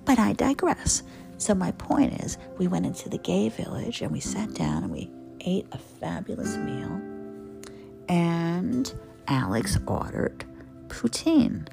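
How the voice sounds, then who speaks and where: Gravelly, animated woman hosting a cooking show. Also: lowish voice, slow. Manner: animated, opinionated, playful asides. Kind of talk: casual chatty cooking show talk. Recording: guitar music behind the voice. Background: guitar music.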